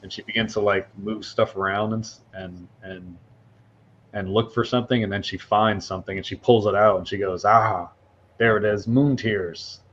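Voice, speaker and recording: Low-voiced man narrating a tabletop game. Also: little pitch movement, a little fast, a bit bright, dull audio, slight background noise. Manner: loose, filler-heavy narration. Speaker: game master.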